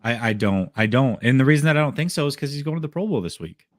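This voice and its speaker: A man's voice: medium pitch, expressive, fast talker, dry recording, clean studio sound. A man hosting a casual sports call-in show, taking callers and chatting in a laid-back, friendly way.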